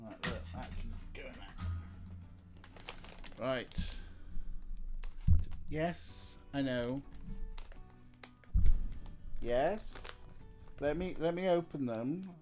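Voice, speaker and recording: A man's voice: medium pitch, very slow, pauses often, over music. A man streaming a narrative game, chatting casually and rambling between asides. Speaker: let's play streamer. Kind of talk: casual gameplay commentary.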